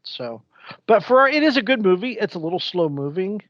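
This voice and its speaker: A man's voice: high-pitched, brisk, no room sound. Rambling man, muffled dry audio. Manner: rambling, animated storyteller. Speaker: podcast co-host. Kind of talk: casual chat.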